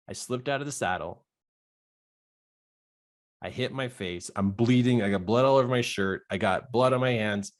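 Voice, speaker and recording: A middle-aged man of middle pitch, a life coach telling a story from his own life. He talks with energy and acts out every line of dialogue, his voice jumping up high for the quoted parts and dropping low and quiet for the reflective ones. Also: fairly quick.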